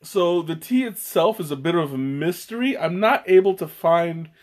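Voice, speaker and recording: A man with a somewhat high voice hosts a casual livestream, talking loosely and correcting himself often. His voice is a bit hoarse from a lingering cold. He fills pauses with ums and uhs as he goes. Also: expressive, darkish tone. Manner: rambling, greets viewers, many fillers and restarts. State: slightly hoarse from a cold, coughing. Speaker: livestream host.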